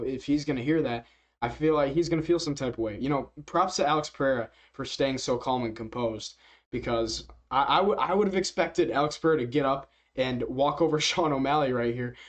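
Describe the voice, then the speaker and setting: Man, casual reaction commentary, rambling, filler-heavy, chuckling, mid-pitched. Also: brisk. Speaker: MMA reaction youtuber.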